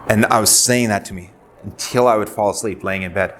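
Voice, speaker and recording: Man, forties, nurse speaking to a crowd; deep low voice, earnest storyteller who acts out dialogue, audible room noise. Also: steady tone, brisk, fairly bright tone. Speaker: nurse and suicide prevention speaker. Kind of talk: personal story in a presentation. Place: presentation venue. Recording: noisy live presentation audio.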